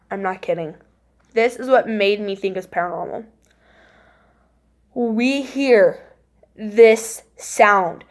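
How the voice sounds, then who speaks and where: A young woman casually recounting a spooky childhood story, acting out voices and gestures and dropping to a hush at tense moments. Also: sits high, normal speed. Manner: animated, acts out voices and gestures; drops to hushed tones at tense moments.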